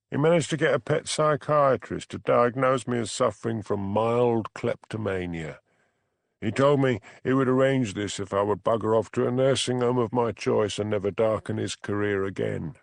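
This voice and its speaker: A spry old rogue in his eighties with a faint Cockney accent and a gravelly, low edge, chatting amiably from an audiobook, as a male narrator puts him on. The voice is dry and close, and now and then he slides into a plummy upper-class drawl. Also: no echo. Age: 80s. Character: spry elderly male ex-con, cheeky and amiable.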